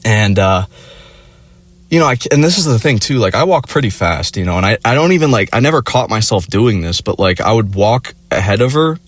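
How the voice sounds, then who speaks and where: A man's voice: lowish voice, expressive, brisk, no echo. A young man telling a personal story in a crude, profane, rambling way, with lots of fillers. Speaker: vlogger. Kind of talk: casual storytelling.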